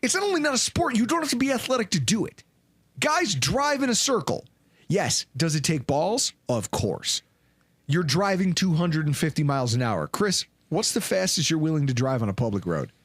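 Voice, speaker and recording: A man's voice: normal speed, no room sound, clean studio sound. A man hosting a casual sports podcast, telling stories animatedly with lots of emphasis. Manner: animated storyteller, swings pitch for emphasis and quotes. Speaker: podcast host.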